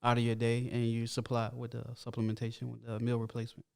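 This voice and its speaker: Laid-back co-host with a smooth voice. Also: male voice, medium pitch, completely flat delivery, fast talker, darkish tone. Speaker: podcast co-host. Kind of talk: casual podcast chat.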